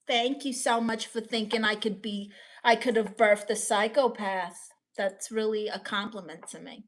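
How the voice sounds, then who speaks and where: A woman's voice: on the high side, fairly even intonation, unhurried. A woman live streamer reading viewer comments aloud and answering them with playful, self-mocking jokes.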